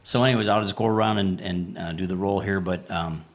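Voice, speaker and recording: A man's voice: low voice, steady tone, brisk. A man hosting a podcast in casual chat, reacting with short interjections. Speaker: podcast host.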